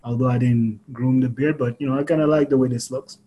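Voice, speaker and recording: A man's voice: medium pitch, fairly even intonation, fast talker, mellow. A man co-hosting a podcast in casual chat, who laughs often and readily agrees. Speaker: podcast co-host.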